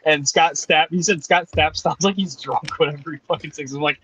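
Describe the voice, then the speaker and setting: A man's voice: fairly high pitch, steady tone, fairly quick, a bit bright, slight background noise, rough recording. A young man calling in from a campsite, chatting easily, swearing casually and laughing at his own jokes. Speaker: guest on a call. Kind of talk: casual chat. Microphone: online call.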